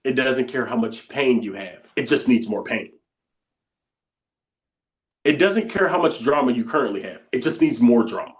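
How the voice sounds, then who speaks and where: The bootcamp coach's mid-range voice is expressive, moving at normal speed but broken by long pauses. His teaching is conversational, with repeated phrases and inner voices acted out under his breath.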